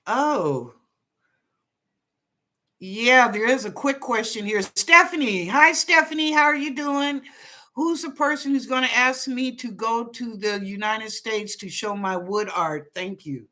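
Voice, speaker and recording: A woman's voice: on the high side, unhurried, sharp tone. A woman hosting a live psychic reading stream, chatting casually and greeting viewers one by one by name. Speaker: psychic reader and show host.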